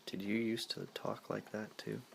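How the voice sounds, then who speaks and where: In a whispered role-play reading, a man plays a giggly, amused young woman. The whisper stays low and rough with fry, and the voice keeps its amused lilt. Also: flat delivery, normal speed, a little hiss or hum.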